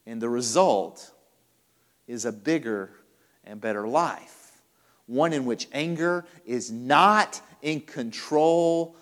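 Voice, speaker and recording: A man's voice: mid-range voice, slow pace, fairly bright tone, big-room sound. A man preaching a sermon as a pastor, emphatic, repeating his phrases for weight.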